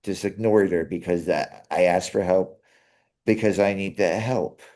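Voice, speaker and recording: A young man co-hosting a casual chat, earnest and halting, often restarting his sentences. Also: low-pitched, steady tone, dark tone. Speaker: co-host.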